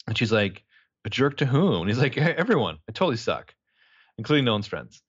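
A man casually retells a TV episode, jumping into the characters' voices as he goes. His voice swings widely in pitch, and the recording sounds dry and a little dull. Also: fairly quick, husky, no echo. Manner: animated, acts out characters' lines with profanity. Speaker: podcast co-host recapping a TV episode. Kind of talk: casual chat.

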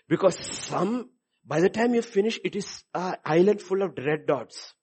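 A pastor with a husky voice preaches a sermon at normal speed, shifting from low, musing asides to loud, animated stretches where he acts out the voices of the people he quotes.

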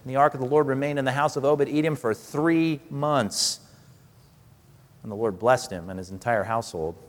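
A man's voice: mid-range voice, normal speed. Man preaching in a reverberant hall. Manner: conversational preaching with rhetorical questions and animated acted-out quotes. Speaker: pastor. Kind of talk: sermon.

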